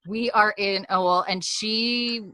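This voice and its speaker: A woman co-hosting a podcast, recapping a TV episode in casual chat and acting out the characters' lines in quick put-on voices. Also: medium pitch, fairly even intonation, pushed and bright, no echo. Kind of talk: casual chat, animated retelling.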